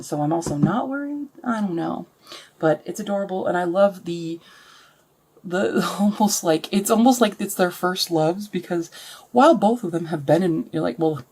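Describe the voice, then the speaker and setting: A woman with a slightly low voice chats casually to camera as a vlogger. She rambles from thought to thought and often trails off before picking the idea back up. Her tone stays loose and unscripted. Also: a little mellow, breathy edge. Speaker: book and craft vlogger. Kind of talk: casual vlog chat.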